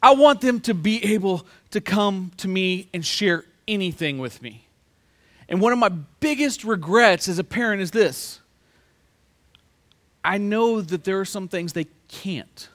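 A middle-aged pastor preaches with a high, bright, ringing voice. He tells stories and swings from hushed asides to loud punchlines. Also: a little slow. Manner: storytelling with lively swings between quiet asides and loud punchlines. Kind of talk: sermon.

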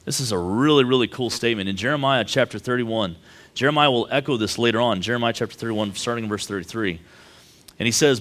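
A man, preaching a sermon as pastor in a relaxed, conversational way, often checking in with "right?". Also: mid-range voice, fast. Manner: conversational, tags lines with "right?".

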